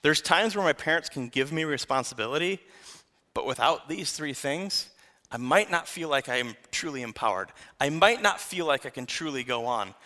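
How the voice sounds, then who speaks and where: A young man preaching a sermon in a casual, animated way, often saying "like" between thoughts. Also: mid-range voice.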